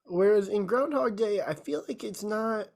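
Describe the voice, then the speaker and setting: A woman's voice: medium pitch, normal speed, vocal fry, darkish tone. A woman co-hosting a podcast, casually retelling a movie plot with lots of filler words. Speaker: podcast co-host. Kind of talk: casual chat.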